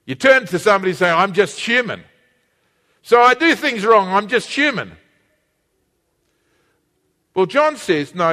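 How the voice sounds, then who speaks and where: A man preaching a sermon to his congregation, animated and engaging, calling on them to read along and repeat words. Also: fairly high pitch, long reverb tail. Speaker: pastor.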